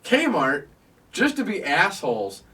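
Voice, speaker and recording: A man's voice: sits high, wildly swooping pitch, slow, pushed and bright, recorded from a distance. A man hosting a podcast, telling a crude story from his youth in casual chat, swearing and laughing often. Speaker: podcast host.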